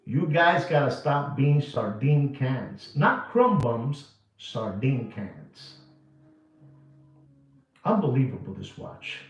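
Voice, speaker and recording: A man's voice: mid-range voice, big pitch swings, slow pace. A man from New York giving a watch market rant to camera in emphatic, repetitive, slangy sales patter. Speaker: watch dealer. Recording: echoey, distant, dull sound with music.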